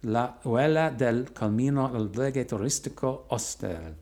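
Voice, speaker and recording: A man's voice: mid-range voice, normal speed, darkish tone. A middle-aged man narrating his own long walk in a reflective way with dry, wry humour. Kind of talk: personal travel narration.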